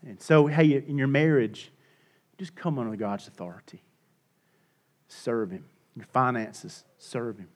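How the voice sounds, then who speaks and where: A middle-aged male pastor preaching a sermon, swinging between hushed and loud and repeating his points for emphasis. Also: medium pitch, measured pace, long pauses.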